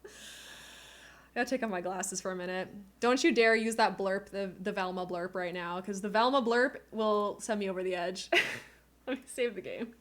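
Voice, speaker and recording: Her voice is mid-range and fairly bright, at a moderate pace. She's a streamer chatting casually with viewers from home on a cheap desk microphone, emotional and gushing, on the verge of tears and laughing frequently.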